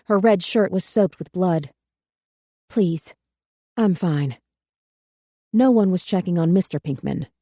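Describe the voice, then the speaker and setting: A woman narrating a thriller audiobook in a measured, tense way. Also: fairly low pitch, dark tone, dry recording. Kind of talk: scripted narration.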